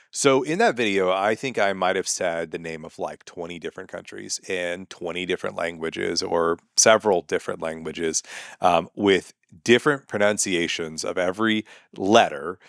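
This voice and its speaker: A man's voice: low-pitched, a bit bright, no echo. Exasperated man ranting in a dry room. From United States. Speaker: comedian. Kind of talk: comedic monologue. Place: home sun room.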